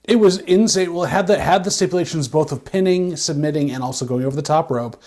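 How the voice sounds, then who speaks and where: A man with a fairly high voice co-hosts a casual recap chat. He rambles in an animated way, stumbling and restarting his sentences. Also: quick pace. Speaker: podcast co-host.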